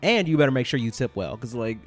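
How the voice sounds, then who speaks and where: A man hosting a podcast, telling a casual story in a rambling, animated way, full of fillers and checks like "all right?". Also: mid-range voice, quick pace, soft background music. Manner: animated, exaggerated retelling. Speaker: podcast host.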